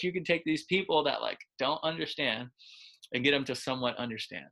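A man's voice: mid-range voice, brisk, creaky, pushed and bright. A man who coaches quarterbacks, telling stories in a casual interview in a loose, chatty way, full of filler words. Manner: loose and chatty, heavy with filler words, acts out quoted lines.

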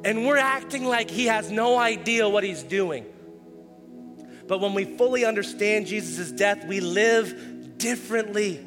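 A man preaching a sermon in a casual, animated way, often acting out quoted dialogue with a raised voice. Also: high-pitched, unhurried, big-room sound, over music. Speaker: pastor.

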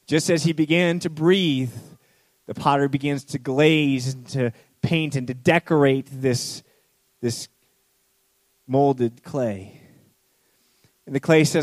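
A man preaching a sermon, telling a parable with swings between urgent speed and hushed, slow emphasis. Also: a little high, no room sound. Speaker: pastor.

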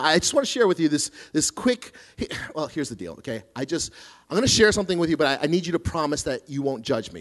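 A man's voice: mid-range voice, a bit bright. A middle-aged man preaching a sermon, telling a self-deprecating story with lots of restarts and asides. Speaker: pastor.

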